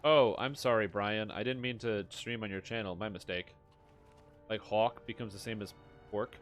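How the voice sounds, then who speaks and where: A man's voice: on the low side, normal speed, faint music behind. A man streaming a game, chatting casually, joking around and answering his chat in a rambling way. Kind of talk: casual gameplay commentary.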